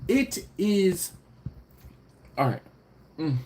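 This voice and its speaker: Man from Philadelphia, stream host, lively swooping delivery, faint background hiss. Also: high voice, drawn-out words. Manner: animated, laughs often, reads comments aloud. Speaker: livestream host reading chat. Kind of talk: casual live chat.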